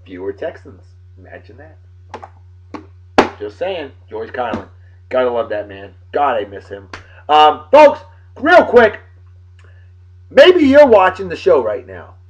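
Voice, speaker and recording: A man hosting his own casual webcast, rambling and crude and quick to get riled. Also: fairly high pitch, big pitch swings, a little hiss or hum, low-quality recording. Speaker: show host.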